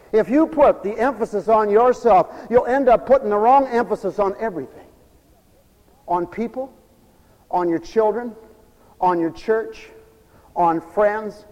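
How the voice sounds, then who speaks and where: A man preaching a fiery, folksy sermon, swinging from hushed asides to shouts. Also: high-pitched, long reverb tail, highs cut off.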